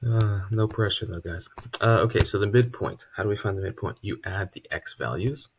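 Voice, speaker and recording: A man teaching a casual math lesson at a board, relaxed and chatty, with joking asides. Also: low-pitched, fairly quick, a little hiss or hum. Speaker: math tutor.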